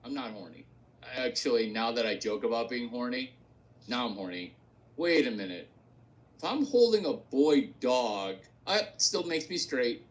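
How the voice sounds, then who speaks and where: Brash man ranting with lively pitch. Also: measured pace. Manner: brash, repetitive, crude joking. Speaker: host. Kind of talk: provocative solo rant.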